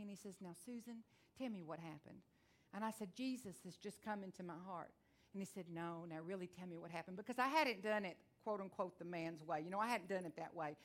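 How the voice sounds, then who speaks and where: Fervent Texan woman preacher. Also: medium pitch. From Texas. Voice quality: country twang, fast-talking. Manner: fervent, rises to loud declarations. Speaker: guest preacher. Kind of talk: sermon with personal testimony.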